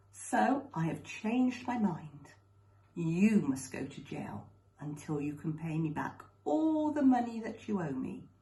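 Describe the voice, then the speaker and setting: Woman doing a stern wise king, commanding, slow and deliberate, mellow tone. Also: a little high, exaggerated voice. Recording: roomy echo.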